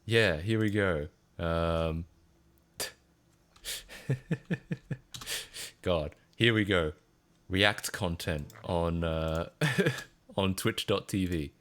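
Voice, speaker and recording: A man's voice: deep voice, drawn-out words, pauses often, fairly bright tone. A man with an Australian accent streaming casual reaction commentary, rambling with frequent fillers, restarts and laughing asides.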